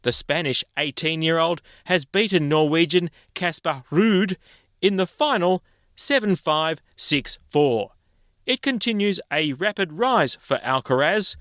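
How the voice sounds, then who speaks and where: A male news presenter reads bulletins in a measured, clear style. His voice sits a little high for a man, and the studio sound is dry and close. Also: fairly bright tone, dry recording. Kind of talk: scripted news reading. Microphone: studio microphone.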